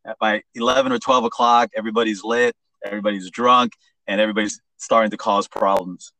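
A man's voice: lowish voice, steady tone, fast talker, pushed and bright, no room sound, low-quality recording. A man in casual podcast chat, explaining things in a laid-back way.

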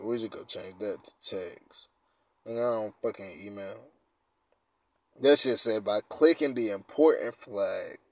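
A man hosting a casual podcast, reading quiz questions aloud and reacting in profane slang, dropping to mumbles and then bursting out loud. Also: lowish voice, no room sound. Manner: laid-back, profane slang, swings from mumbling to loud outbursts. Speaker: podcast host.

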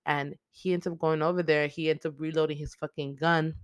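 A low-pitched woman rambles through a movie plot in a loose, profane, filler-heavy way, getting worked up as she retells it. Her voice sits close and dry, with no room sound around it. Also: flat delivery, a little fast, clean tone, dry recording, dull audio. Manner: heavy swearing, filler-laden, emotional retelling. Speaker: movie recap host. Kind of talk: casual profane movie recap.

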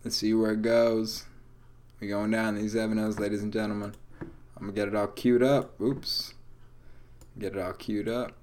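A man's voice: on the low side, little pitch movement, normal speed, pauses often, darkish tone. A young man hosting a casual solo podcast at home, talking in a rambling, profane, laid-back way while stoned. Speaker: podcast host. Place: home room with lights off.

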